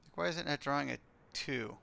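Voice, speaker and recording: A man's voice: fairly high pitch, brisk, vocal fry, pushed and bright. A man streaming a flight simulator, chatting casually and reading off checklists and radio calls. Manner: chatty, self-mocking, thinks aloud, reads off checklists. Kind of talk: casual live-stream commentary.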